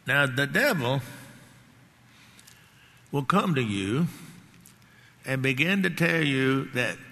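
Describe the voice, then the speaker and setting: Preacher, male, sermon delivery; unhurried, very bright tone, long hall echo. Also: medium pitch, animated. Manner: emphatic preaching, repeating key words, rising on lines of scripture.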